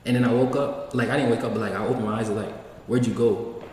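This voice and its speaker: A man's voice: medium pitch, steady tone, quick pace, a little mellow. Slangy young man telling a long story. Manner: slangy, rambling, acts out quoted lines. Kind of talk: casual storytelling. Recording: echoey room, distant mic, faint hiss.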